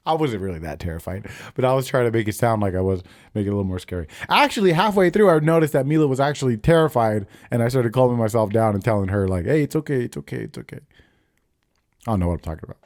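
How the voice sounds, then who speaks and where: A man's voice: fairly low pitch, expressive, fast talker, a little mellow. A man in his thirties hosting a podcast, telling stories in loose, profane casual chat and laughing often. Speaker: podcast host.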